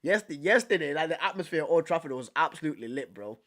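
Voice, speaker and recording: Slangy young man, higher voice. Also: quick pace. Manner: slangy, excitable, repeats himself with bro and fam. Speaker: streamer. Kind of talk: casual live commentary reacting to chat.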